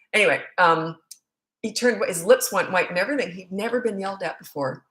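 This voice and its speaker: A woman's voice: fairly low pitch, fairly bright tone. Middle-aged lady parenting coach, blunt and jokey, rambles with asides, roomy echo. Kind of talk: casual Q&A monologue.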